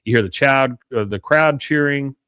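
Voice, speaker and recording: A man's voice: mid-range voice, normal speed, fairly bright tone, smooth, no echo. Dry-sounding man retelling a TV episode. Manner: retells scenes, acting out lines in brief voices. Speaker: podcast co-host. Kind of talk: casual recap of a TV episode.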